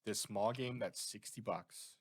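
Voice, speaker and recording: A Canadian man with a lowish voice rambles through a casual podcast chat, animated and prone to tangents. His voice sounds dry and close to the mic. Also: a little slow, dry recording. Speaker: podcast co-host.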